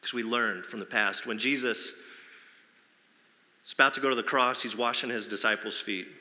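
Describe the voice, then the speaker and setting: A man's voice: medium pitch, normal speed, sharp tone. A male pastor preaching a sermon in a conversational way, pressing the congregation with rhetorical questions. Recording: long hall reverb.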